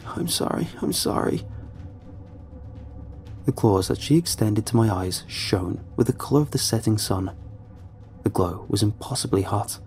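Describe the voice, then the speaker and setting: Low-voiced man narrating horror. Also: darkish tone. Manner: measured, ominous.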